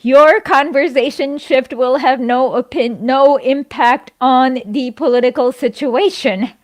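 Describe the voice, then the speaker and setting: A woman with a high voice chats quickly and animatedly about politics. She talks with many fillers and restarts. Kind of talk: casual political chat.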